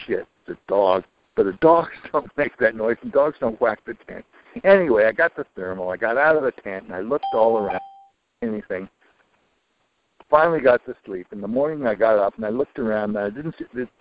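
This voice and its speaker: Older man with a lively, low voice. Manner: rambling, with many restarts and low muttered asides. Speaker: interviewee. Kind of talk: casual storytelling. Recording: dull lo-fi recording.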